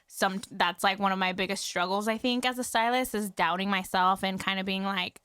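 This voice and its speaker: A woman hairstylist talks as a podcast guest, chatty and quick to laugh, peppering her speech with "like". Her voice sits at a middle pitch. The sound is dry and close. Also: fairly even intonation, fairly bright tone, clean tone, no echo. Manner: chatty, laughs often, fillers of "like". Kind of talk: casual podcast conversation.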